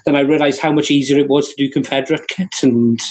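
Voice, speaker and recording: A man running a tabletop game as game master, chatting with his players and often pausing with "uh" and restarting his sentences. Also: mid-range voice, steady tone, darkish tone, rough recording.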